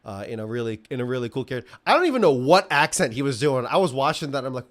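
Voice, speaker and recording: A man chatting about a film on a podcast, eager and loose, tripping over restarts as his thoughts race ahead. His voice sits at an ordinary middle pitch. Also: big pitch swings, rapid-fire, few pauses. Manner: enthusiastic, rambling with many restarts. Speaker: podcast co-host. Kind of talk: casual film review chat.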